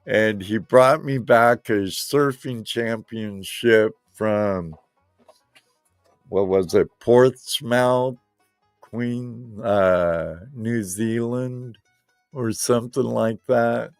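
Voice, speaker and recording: A man's voice: mid-range voice, extremely slow, no echo, soft background music. A man from Southern California hosting a live stream, chatting in a rambling, laid-back way and talking straight to his viewers. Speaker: live show host. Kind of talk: casual live-stream chat.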